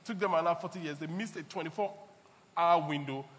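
A man's voice: fairly high pitch, fast, a bit bright. A man preaching a sermon at a church service, emphatic and repetitive, laughing between his points. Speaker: pastor. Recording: echoey hall.

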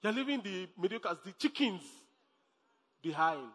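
A man preaches in a high, ringing voice, pressing his points by repeating them and laughing as he goes. His sermon carries a long hall reverb. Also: big pitch swings, normal speed, a bit bright, slightly rough. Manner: emphatic, repeats phrases, laughs often. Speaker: pastor.

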